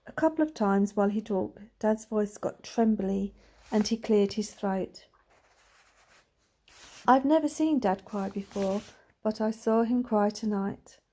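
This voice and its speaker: Woman reader, mellow voice, gentle and quiet storytelling. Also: mid-range voice, a little slow. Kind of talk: reading a novel aloud.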